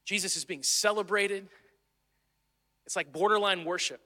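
A man's voice: sits high, normal speed, pushed and bright. A man preaching a sermon in an earnest, conversational way, sometimes restarting his phrases. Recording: long hall reverb.

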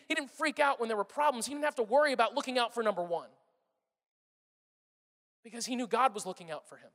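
Pastor, male, high voice, lively sermon that swings from loud to hushed, big echoing hall. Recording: long reverb of a large hall.

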